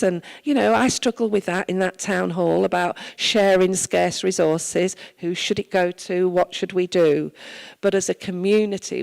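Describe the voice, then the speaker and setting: A woman's voice: lowish voice, creaky, darkish tone, poor audio. A woman from Wales, a town mayor, giving an earnest, conversational address at a church service and telling stories from her own life.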